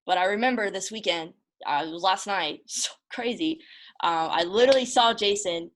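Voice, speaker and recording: A woman speaks in an emphatic, heartfelt motivational style, her voice at an average pitch for a woman. She stumbles and repeats words as feeling wells up and often calls her listeners y'all. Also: normal speed. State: emotional, close to tears. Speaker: motivational host. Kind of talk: casual motivational talk.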